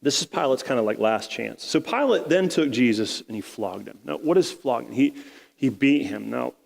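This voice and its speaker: A man's voice: mid-range voice, expressive, normal speed, vocal fry, a little mellow, long reverb tail. A male pastor preaching a sermon in a casual, conversational way, retelling scripture in everyday slang.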